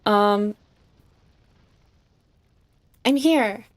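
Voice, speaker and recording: A woman streaming a story game, reacting with giggles and excitement and reading the game's text aloud. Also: mid-range voice, drawn-out words, dry recording. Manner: giggly and excitable, with lots of fillers.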